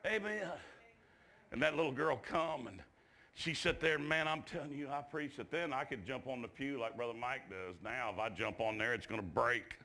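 Gravelly preacher telling a story. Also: male voice, medium pitch, normal speed. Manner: shouts climaxes, drawls folksy asides. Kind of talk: revival sermon storytelling. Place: church.

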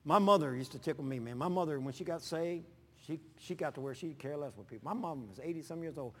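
A man pastor preaching in a folksy, animated way, telling personal stories with sudden loud bursts. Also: a little high, quick pace, slightly rough, long reverb tail.

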